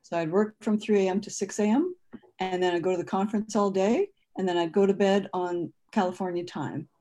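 A woman chatting on a casual panel. Her voice is mellow and warm at a middle pitch. She speaks in an upbeat, chatty way. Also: fairly even intonation, a little fast. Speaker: panel guest.

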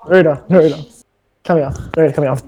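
A man's voice: a little high, fairly even intonation, fast, noisy background. A man hosting a casual podcast chat, telling stories in a rambling way with many fillers and constant swearing. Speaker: podcast host.

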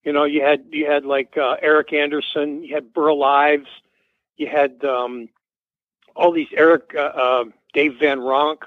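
A man's voice: on the high side, little pitch movement, measured pace, no echo. A man in his seventies calling in as a radio guest, telling a loose, rambling story full of fillers and restarts. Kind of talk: rambling anecdote on a radio call-in. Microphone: phone call. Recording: tinny phone line on radio.

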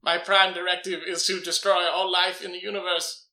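Man playing a stiff formal robot, earnest, bright high voice, echoey room. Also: flat delivery, normal speed, full character voice. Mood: flat earnest. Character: earnest, literal-minded male killer robot.

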